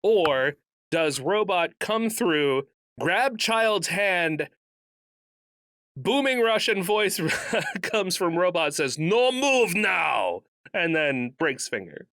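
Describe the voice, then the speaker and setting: A man co-hosting a podcast in casual chat, animated and jokey, laughing often. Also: sits high, slow pace, dry recording, studio quality. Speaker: podcast co-host.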